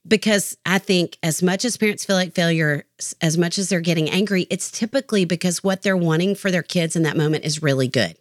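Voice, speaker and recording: A woman's voice: lowish voice, brisk, no room sound, clean studio sound. A middle-aged woman therapist, a podcast guest, talking in an earnest, reflective way and telling stories. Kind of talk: podcast interview conversation.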